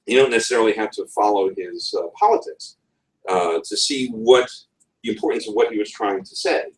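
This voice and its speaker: A man with a New England accent giving a conference talk on writing, wry and digressive, often pausing on ums and restarting his phrases. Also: on the low side, animated. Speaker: conference speaker. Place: conference session room. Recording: roomy room, voice from far off.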